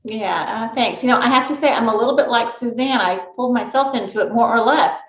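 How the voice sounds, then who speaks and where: A woman panelist who speaks in a relaxed, conversational way about her start in journalism. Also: on the high side, fairly quick. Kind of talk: panel discussion. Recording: roomy, dull lo-fi sound.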